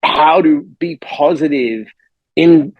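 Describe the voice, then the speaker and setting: A man who is a life coach and author, telling a story in a podcast conversation with lively energy and acting out the people in it. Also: fairly high pitch, takes it slowly, highs cut off, crowd noise. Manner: energetic, acts out the people in his stories.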